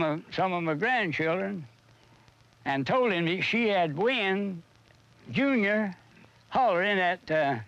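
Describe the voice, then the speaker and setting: An older man, telling a story in a halting, stumbling way in a documentary interview. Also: high-pitched, fairly bright tone. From North Carolina. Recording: dull lo-fi old film sound.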